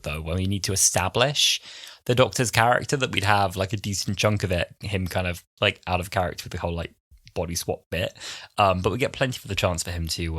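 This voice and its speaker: A young man co-hosting a casual podcast, with a bright voice that rises and falls widely as he talks. He slips in and out of silly quoted voices. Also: low-pitched. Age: 20s. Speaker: podcast co-host.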